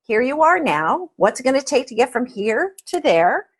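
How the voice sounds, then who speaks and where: A woman's voice: high voice, very animated, moderate pace, slightly rough. A woman speaking as an interview guest, explaining in a conversational storytelling way and repeating words as she starts a thought.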